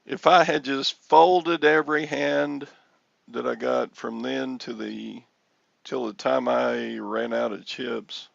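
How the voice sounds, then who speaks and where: An older man hosting a casual chat, telling a rambling story with chuckles and excited bursts. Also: mid-range voice, slow pace, creaky, no echo, dull audio. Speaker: host. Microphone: headphones with mic.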